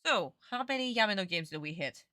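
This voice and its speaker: A woman's voice: mid-range voice, lively intonation, fairly quick, sharp tone, no echo, clean studio sound. Exasperated, swearing young woman streamer. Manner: exasperated, profane ranting. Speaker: streamer reacting to an anime. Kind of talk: casual live-stream reaction.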